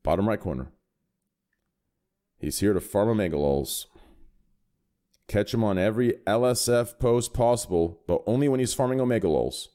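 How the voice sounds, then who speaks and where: A man's voice: lowish voice, animated, moderate pace, pauses often, warm tone. A man hosting a casual podcast, introducing guests with rambling jokes. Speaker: podcast host.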